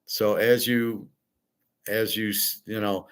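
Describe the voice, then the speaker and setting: A man's voice: on the low side, little pitch movement, slow, a bit bright, clear, resonant tone. A male host in a blunt, emphatic rant, swearing freely and rambling with restarts. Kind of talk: casual rant to camera.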